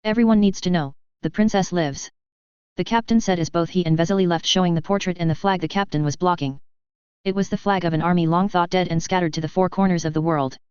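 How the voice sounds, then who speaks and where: Woman, story reader, quick pace, very clear voice, dry dull sound. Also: lowish voice, steady tone, darkish tone, no echo. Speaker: fan fiction reader. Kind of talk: reading a story aloud, voices done lightly.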